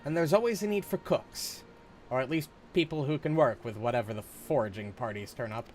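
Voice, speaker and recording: A man's voice: mid-range voice, brisk, a little mellow, soft background music, lightly acted. A man reading game dialogue aloud, voicing a humble camp cook in an easygoing, chatty way.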